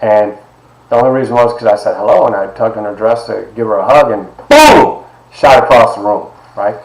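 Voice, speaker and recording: A man's voice: on the low side, steady tone, quick pace, crowd noise. A man in his forties from Ohio, telling a candid personal story to a class in an emphatic, conversational way with frequent asides. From Ohio, United States. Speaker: lecturer. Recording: echoey classroom.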